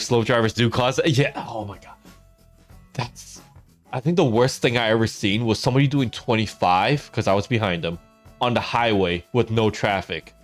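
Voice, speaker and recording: A man telling a funny story to his stream while gaming, laughing often as he talks. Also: on the low side.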